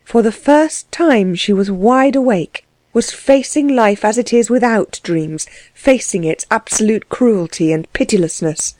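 A woman reading a novel aloud in scripted narration, measured and expressive. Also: on the high side, dry recording. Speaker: audiobook narrator.

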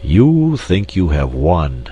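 A man voicing a sleepy male fortune-teller animal in a storybook reading, slow and deadpan. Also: low voice, husky, lo-fi sound, heavily acted. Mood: drowsy.

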